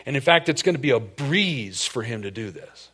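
A male pastor preaching a sermon, animated, jumping into quoted voices and asides. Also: medium pitch, moderate pace, husky. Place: church.

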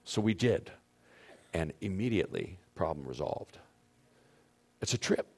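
Male marriage seminar speaker, fairly low voice, emphatic and direct with the audience. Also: big pitch swings, measured pace, vocal fry, a little mellow, husky. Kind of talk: teaching talk to couples.

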